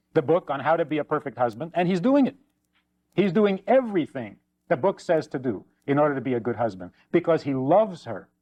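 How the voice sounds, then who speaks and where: Animated rabbi lecturing, somewhat high-voiced man. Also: dull audio. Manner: animated, acts out anecdotes with shifting voices; emphatic repetition. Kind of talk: spoken lecture on faith.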